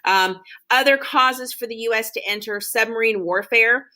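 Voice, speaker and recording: A woman's voice: a little high, moderate pace, pushed and bright. A woman teaching a history lecture in a loose, conversational way, with frequent ums and restarts. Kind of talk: classroom lecture.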